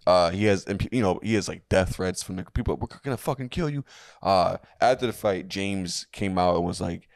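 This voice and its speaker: A deep, gravelly young man spins a history story in a loose, joking podcast chat, stumbling and restarting as he goes. His voice sits close and dry, with no room around it. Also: steady tone, moderate pace, few pauses, dry recording. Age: young adult. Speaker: podcast co-host. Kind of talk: casual comedic history chat.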